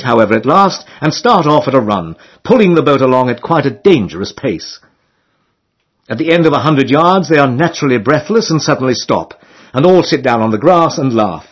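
A male narrator reading a comic novel with a wry storytelling touch. His voice is husky and his pitch moves a lot, rising and dipping through the sentences. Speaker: audiobook narrator.

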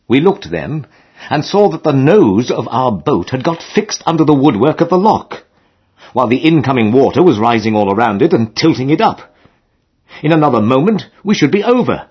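A man narrating a comic novel in a lively, expressive way with dry humor, in a dull lo-fi recording. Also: mid-range voice, moderate pace, slightly rough. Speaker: audiobook narrator.

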